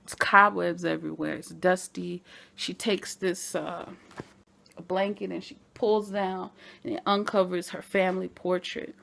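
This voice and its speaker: A woman recapping a TV episode in a casual vlog, animated and chatty, talking straight to her fellow fans. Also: on the low side, measured pace, vocal fry, slight background noise. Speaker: TV show reviewer.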